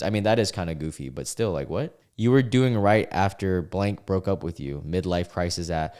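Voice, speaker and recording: A man's voice: low-pitched, animated, normal speed, hardly any pauses, darkish tone, smooth. A young man casually reading out online posts and reacting with incredulous comments, as a regular video host.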